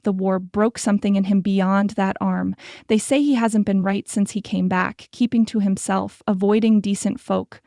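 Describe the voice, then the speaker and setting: A woman's voice: mid-range voice, fairly even intonation, moderate pace, creaky, warm tone, dry recording, studio quality, lightly acted. A woman voicing a prim, meddling middle-aged shopkeeper's wife who talks with false concern in an audiobook.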